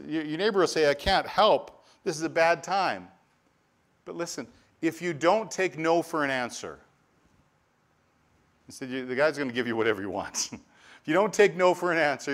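A male pastor preaching a sermon, earnest and conversational, often restarting and repeating words, lively when telling stories. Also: fairly high pitch, brisk. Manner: earnest preaching with repetitions and restarts, animated storytelling asides.

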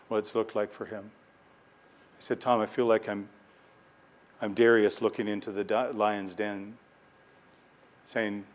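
A pastor with a low-leaning male voice builds his sermon point by repetition, reading scripture aloud and punching key words with swells of force.

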